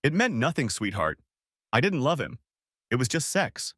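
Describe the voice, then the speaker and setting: A man's voice: mid-range voice, big pitch swings, moderate pace, a bit bright, no room sound, clean studio sound. A man voicing a panicked adult wife who pleads and denies in an audiobook story. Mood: pleading. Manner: pleading, breathless denials.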